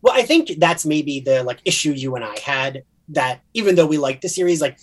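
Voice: mid-range voice, lively intonation, brisk. A podcast co-host with a New Jersey accent, rambling in casual chat about a TV series with many fillers and restarts.

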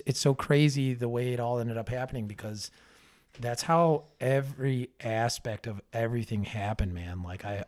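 A man's voice: medium pitch, a little mellow. A man in his thirties chatting casually as a podcast guest, loose and profane, full of fillers and restarts. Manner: laid-back, heavy swearing, lots of fillers. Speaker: brewery owner guest.

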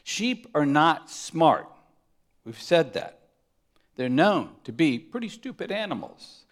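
A man preaching a sermon, emphatic, moving between loud stresses and hushed asides, often asking his listeners rhetorical questions. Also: medium pitch, sing-song, takes it slowly. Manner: asks the congregation rhetorical questions. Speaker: pastor.

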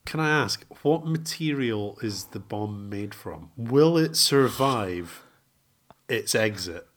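A man co-hosting a podcast in casual chat, answering in a dry, deadpan way. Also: on the low side, slow pace. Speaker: podcast co-host.

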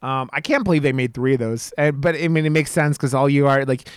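A man's voice: medium pitch, brisk, smooth, no echo, clean studio sound. A man co-hosting a podcast, chatting casually about horror films, swearing and acting out his reactions to scenes. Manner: animated, profane, acts out reactions in a raised voice. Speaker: podcast co-host.

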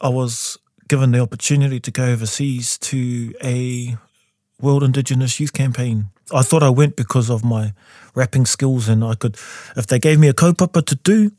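A man in his forties with a New Zealand accent, a composer guest telling his story in a studio interview and jumping into high voices when he quotes people. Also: normal speed, warm tone, dry recording. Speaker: guest, composer and taonga pūoro player.

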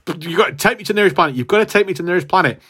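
A man's voice: sits high, very fast, fairly bright tone, breathy edge, pitched above the performer's own voice. A man putting on a pleading, boastful cosmic warrior. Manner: pleading, whiny.

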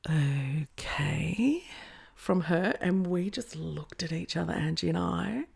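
A woman chatting as a guest, telling a story in an animated way and acting out what others said. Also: on the low side, normal speed, creaky, breathy edge. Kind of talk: storytelling in a podcast interview.

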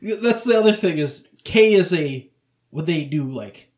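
Man, podcast co-host, laughs a lot, blunt, slightly high pitch. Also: expressive, a little slow, a little mellow. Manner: laughing, blunt retail anecdotes. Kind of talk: casual chat.

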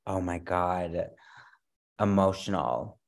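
This man speaks low, slowly, and with a creaky quality. He's a Madison, Wisconsin drag performer in a relaxed interview, campy and effusive, sprinkling in plenty of playful slang.

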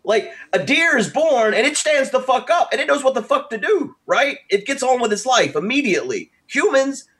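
A man's voice: very high voice, big pitch swings, normal speed, few pauses, a bit bright. A man in a casual chat, ranting animatedly and swearing a lot.

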